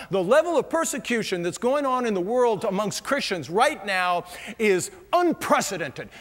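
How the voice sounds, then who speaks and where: In a reverberant, large church hall, a middle-aged pastor mixes humorous stories into his sermon and chuckles at his own jokes. He speaks in a high-pitched, somewhat bright voice.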